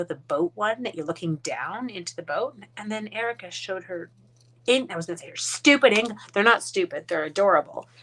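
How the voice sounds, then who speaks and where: Her voice is medium-pitched with a fairly bright tone. A Canadian woman demonstrating card-making on a live stream, she chats casually and rambles, murmuring asides to herself and speaking to her dogs.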